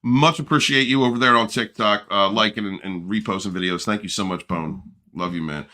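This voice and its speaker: A man's voice: fairly low pitch, brisk, bright, forceful tone. A middle-aged man hosting a casual livestream, joking, laughing and greeting viewers in the chat. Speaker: livestream host.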